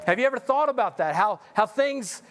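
A male pastor preaching a sermon in an animated, joking way, often repeating words when he gets excited. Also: very high voice, brisk, a little hiss or hum.

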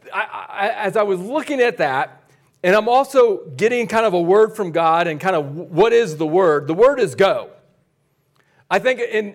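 High-voiced energetic male pastor. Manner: energetic, conversational preaching with sudden loud and soft swings. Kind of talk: sermon.

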